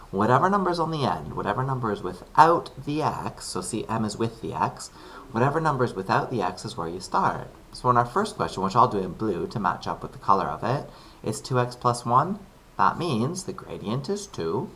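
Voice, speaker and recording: A man's voice: medium pitch, bright, forceful tone, slight background noise, poor audio. Male maths teacher for a video lesson, bouncy sing-song delivery, friendly slangy banter with pupils. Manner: upbeat and chummy, keeps calling pupils "buddies"; casual, slangy explaining.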